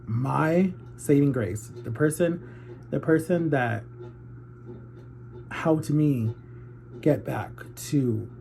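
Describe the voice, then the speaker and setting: A man's voice: on the high side, very slow, gravelly, long pauses, dark tone, slight background noise. A man of thirty speaking candidly and earnestly to viewers in a heartfelt confessional vlog. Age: 30s. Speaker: YouTuber.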